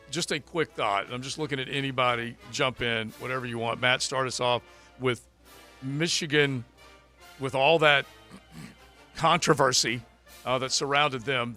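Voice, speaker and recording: A man's voice: medium pitch, sharp tone. A man hosting a sports radio show, rambling through his betting losses with self-mocking humor. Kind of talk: casual sports radio banter. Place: radio studio. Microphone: studio microphone.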